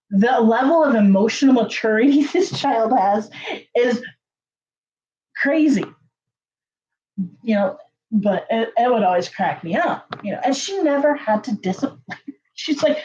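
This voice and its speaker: A woman telling a story to her viewers in a casual, chatty way, full of fillers and lively jumps in pitch. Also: normal speed, pauses often, highs cut off. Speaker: channel host.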